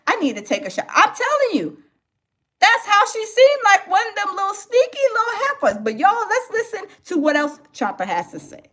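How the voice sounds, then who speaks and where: A woman hosting a gossip reaction show, animated and laughing as she talks straight to her viewers. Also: extremely high pitch, moderate pace. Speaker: commentary host.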